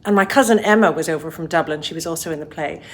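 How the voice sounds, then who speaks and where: A woman's voice: low voice, quick pace. A woman and actress telling a casual, chatty anecdote about an early stage role. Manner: chatty, storytelling.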